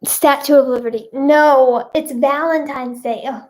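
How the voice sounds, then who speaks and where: A young woman with a bright, high voice talks to her viewers on a live stream. She chats casually and bubbles along, rambling and giggling as she goes. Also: steady tone, measured pace.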